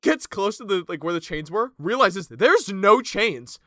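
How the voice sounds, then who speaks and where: A man's voice: high-pitched, lively intonation, unhurried, pushed and bright, dry recording, clean studio sound. A man narrating a tabletop game as game master, loose and profane, with frequent laughs.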